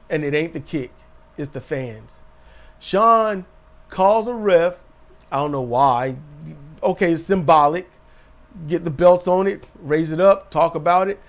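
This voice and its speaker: A man with a high, light voice talks over a wrestling show with his co-host. He retells each moment with lively energy and jumps into quick impressions of the wrestlers. He is relaxed and chatty, with the easy style of a fan podcast. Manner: animated storytelling, mimics wrestlers in quotes. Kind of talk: casual wrestling recap chat.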